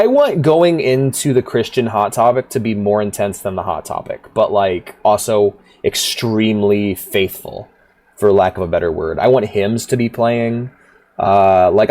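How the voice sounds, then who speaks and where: A man's voice: fairly low pitch, darkish tone. A man streaming a rhythm game, chatting casually in a rambling, profane way, laughing often. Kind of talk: casual livestream chat.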